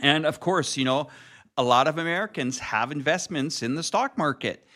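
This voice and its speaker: A man's voice: fairly high pitch, normal speed, sharp tone. A man from Canada co-hosting a live talk show, speaking in an earnest, worried and emphatic way. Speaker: co-host of a live talk stream. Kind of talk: casual political chat.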